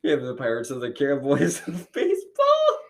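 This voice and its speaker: A man's voice: mid-range voice, wildly swooping pitch, moderate pace. A man co-hosting a podcast, chatting casually and rambling with lots of fillers and the odd swear word. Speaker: podcast co-host. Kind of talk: casual chat.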